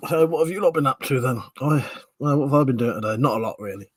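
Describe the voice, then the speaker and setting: A man's voice: medium pitch, expressive, quick pace, husky, no echo. A man with a Southern English accent hosting a casual live stream, swearing freely, bantering and reading out viewer comments. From Southern England.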